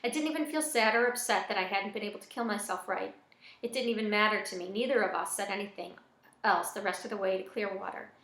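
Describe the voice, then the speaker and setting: A woman reading a first-person novel aloud in a plain, even storytelling manner. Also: medium pitch, fast. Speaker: audiobook reader. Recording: echoey room.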